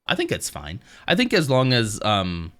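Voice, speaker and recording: Bright-voiced man chatting to his stream. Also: mid-range voice, wildly swooping pitch, normal speed. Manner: rambling, self-deprecating, laughs often. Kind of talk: casual chat with live chat.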